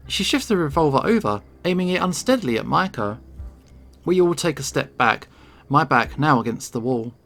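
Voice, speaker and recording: Expressive man reading a visual novel. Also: a little high, normal speed, vocal fry. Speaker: game reader. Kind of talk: reading a visual novel aloud, first person.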